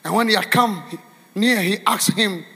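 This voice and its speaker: A man preaching a fiery sermon in a church, shouting and chanting in a sing-song cadence. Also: sits high, measured pace, creaky, husky. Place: church hall. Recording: echoey church hall.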